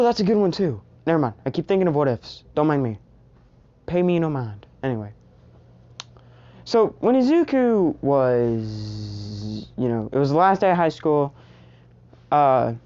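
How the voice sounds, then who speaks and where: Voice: medium pitch, warm tone. Young improvised storyteller, tangent-prone and chatty, on a muffled recording. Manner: rambling, full of "you know" and tangents. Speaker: fan fiction storyteller. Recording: dull lo-fi recording.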